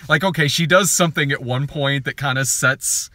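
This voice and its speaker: A man co-hosting a casual film review chat, animated and laughing often, swearing freely as he riffs. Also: mid-range voice, moderate pace, no room sound.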